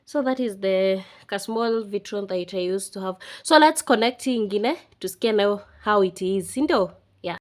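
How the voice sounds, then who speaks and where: A woman's voice: medium pitch, moderate pace. A Kenyan woman in her twenties, chatting casually and emotionally as she unboxes things for a home vlog. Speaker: vlogger. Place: indoors at home.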